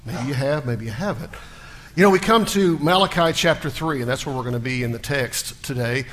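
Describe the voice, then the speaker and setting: A middle-aged man preaching a sermon as pastor, telling stories and voicing characters with lively emotion. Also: mid-range voice, brisk. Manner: storytelling with animated panicky character voices.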